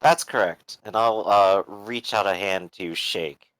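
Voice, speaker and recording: Low-voiced man playing a tabletop game. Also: measured pace, a bit bright, clean tone, no echo, low-quality recording. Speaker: player. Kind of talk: tabletop role-play.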